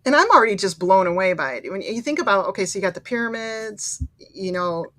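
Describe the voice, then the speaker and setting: A woman's voice: mid-range voice, expressive, brisk, a bit bright, no echo. A woman co-hosting a podcast, chatting casually and agreeing enthusiastically with her co-hosts. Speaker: podcast co-host. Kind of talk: casual conspiracy chat.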